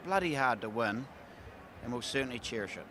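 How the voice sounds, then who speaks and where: Candid New horse trainer. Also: male voice, mid-range voice, lively intonation, a bit bright, slight background noise. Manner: candid, halting, many fillers and restarts. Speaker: racehorse trainer. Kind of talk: casual post-race interview. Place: outdoors at a racecourse.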